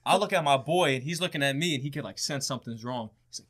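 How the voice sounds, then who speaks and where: A man's voice: medium pitch, fast talker, hardly any pauses, a bit bright. A young man, a podcast guest, telling a wild story in casual, profane chat and often laughing.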